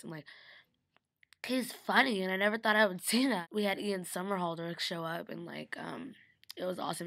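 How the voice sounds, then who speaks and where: A young woman chatting excitedly to camera in a casual vlog, gushing and full of "like". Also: on the low side, gravelly, dry recording. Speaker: vlogger.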